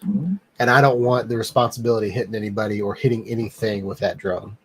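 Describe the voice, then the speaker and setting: A man hosting a casual live stream, rambling and filling pauses with lots of "um.". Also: lowish voice, fairly even intonation, breathy edge. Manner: rambling, many "um" fillers. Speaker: livestream host.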